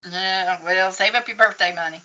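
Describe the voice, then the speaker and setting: A woman's voice: medium pitch, steady tone, moderate pace, bright, forceful tone, muffled recording. A woman teaching a casual painting lesson at a craft table, chatty and encouraging as she explains each step. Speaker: craft instructor.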